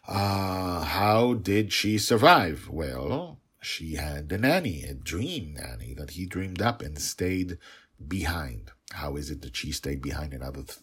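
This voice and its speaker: A man reading his own serialized fantasy story in an expressive storybook narration. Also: sits low, breathy edge. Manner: expressive, rising and falling for emphasis.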